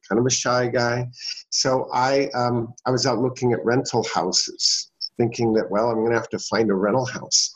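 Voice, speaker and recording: A middle-aged man telling a personal story as an interview guest, folksy and anecdotal, acting out the people in it. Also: medium pitch. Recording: dull lo-fi sound.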